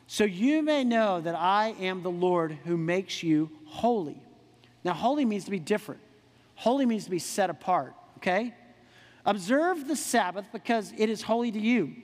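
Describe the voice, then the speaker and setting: A man preaching a sermon, animated, with quick asides and rhetorical questions to the congregation. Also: high voice, in a large hall. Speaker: pastor.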